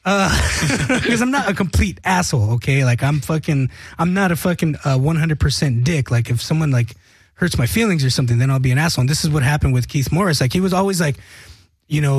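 Higher-voiced man telling profane stories. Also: fast talker, husky, no echo. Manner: animated storytelling, profane, acts out quotes. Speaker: guest musician. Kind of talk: casual podcast chat.

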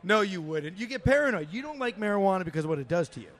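A high-voiced man co-hosting live radio from a casino event. He argues playfully, pushing his points in quick back-and-forth banter. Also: lively intonation. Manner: argumentative, playful. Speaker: radio show co-host.

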